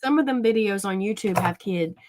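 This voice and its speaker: A woman's voice: medium pitch, brisk, a little mellow, slight background noise. A woman in her thirties, a podcast co-host, chatting casually and telling long rambling stories about her kids, with plenty of swearing. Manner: rambling, profane storytelling. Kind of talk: casual chat.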